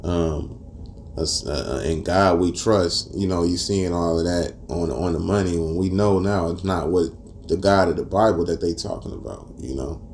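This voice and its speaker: A man with teaching scripture in a casual street style, mixing verses with profane stories and rising loud and high when outraged. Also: normal speed, a little hiss or hum. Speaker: preacher.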